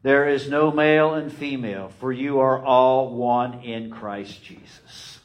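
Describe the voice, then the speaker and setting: A man preaching a sermon, emphatic and repetitive, swinging between loud rises and quiet drops. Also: medium pitch, a little slow, poor audio. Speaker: pastor.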